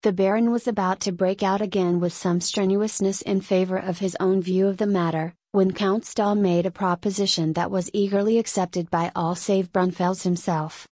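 A woman narrating a historical novel in a steady, even reading voice. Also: mid-range voice, normal speed, hardly any pauses, no room sound. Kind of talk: audiobook reading.

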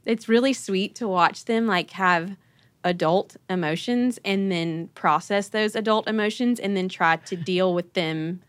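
A woman's voice: medium pitch, measured pace, no room sound. A woman, hosting a podcast and telling stories, laughing often and acting out her children's voices. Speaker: podcast host. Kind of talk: casual conversational storytelling.

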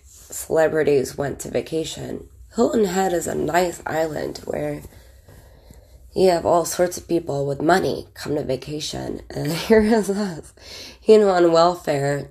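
Woman, 30s, vocal fry, deep voice; relaxed, candid storyteller full of fillers. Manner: chatty and candid, with frequent fillers and laughs. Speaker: vlogger. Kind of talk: casual storytelling, recalling childhood.

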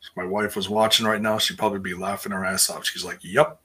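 A man with a husky, bright-edged voice talks through a wrestling recap in a loose, rambling way. He restarts his sentences often and jumps up in pitch when he acts out what people said. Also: flat delivery, fast talker. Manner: rambling and self-interrupting, acts out quotes in a higher voice. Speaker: wrestling show recap host. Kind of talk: casual wrestling recap chat.

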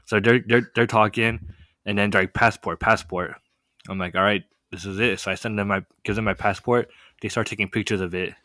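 A young man telling a story in a casual chat, animated and full of fillers. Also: lowish voice, brisk, no room sound, clean studio sound. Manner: animated, many "like" fillers, laughs often. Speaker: podcast guest telling a story.

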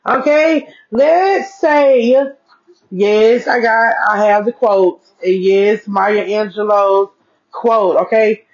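Seated at home with her devices, a woman hosts her solo podcast, chatting folksily into an earpiece mic and often checking in with "okay?". Her voice is medium-pitched and slow, and the sound is dull and lo-fi.

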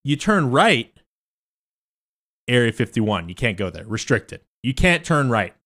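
A man, a stand-up comedian, casually telling a rambling story, swinging between loud asides and muttered remarks with loose, profane phrasing. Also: mid-range voice, big pitch swings, a little slow. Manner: loose and profane, lots of fillers and restarts.

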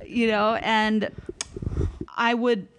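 A woman telling a personal story in casual chat, animated and acting out what people said. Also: on the high side, extremely slow, slight background noise. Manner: animated storyteller who acts out quotes.

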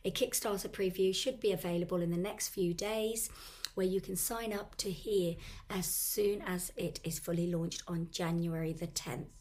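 A woman's voice: lowish voice, steady tone, moderate pace, a little mellow. A woman hosting a podcast with a sore throat, chatting casually through announcements and stumbling over her words. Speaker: podcast host.

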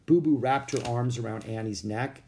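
A man narrating a children's storybook with an expressive reading. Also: medium pitch, normal speed, gravelly, a little hiss or hum.

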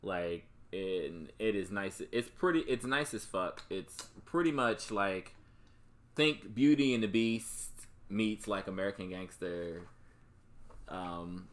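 A man's voice: deep voice, takes it slowly. A man casually recapping a movie plot for a co-host, rambling and swearing, with many fillers and restarts. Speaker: podcast co-host.

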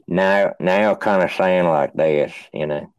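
Low-voiced guy from new hampshire, slow easygoing rambling podcast chat, laughs a lot, cusses. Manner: rambling, laughs often, swears freely. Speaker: podcast co-host.

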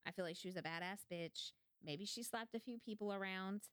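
A woman co-hosting a podcast in casual chat, telling stories with lively acted-out quotes and free swearing. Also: medium pitch, brisk, smooth, no room sound, studio quality. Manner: animated storytelling, swears freely. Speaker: podcast co-host.

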